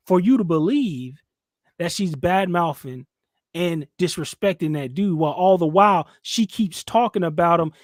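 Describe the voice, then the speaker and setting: Emphatic high-voiced man ranting on a podcast. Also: darkish tone, no room sound, clean studio sound. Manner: preachy, emphatic, mocks others in high put-on voices. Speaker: channel host. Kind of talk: heated commentary chat.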